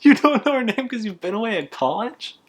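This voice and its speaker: A man's voice: very high voice, very animated, fairly quick, slight background noise, voice pushed up. A man acting out an oblivious male customer who keeps pressing with prying questions. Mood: nosy, insistent.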